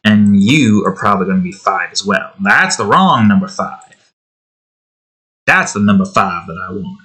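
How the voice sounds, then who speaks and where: Bright-voiced man rambling as he works. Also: fairly low pitch, expressive, moderate pace, slightly rough. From United States. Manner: rambling, talks to objects on screen, swears, jokey. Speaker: hobby game developer. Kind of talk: casual commentary while building a game.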